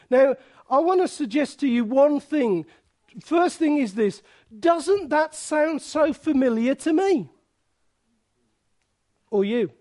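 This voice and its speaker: A man's voice: very high voice, a little mellow. A man preaching a sermon in a conversational way, often restarting phrases and acting out little asides.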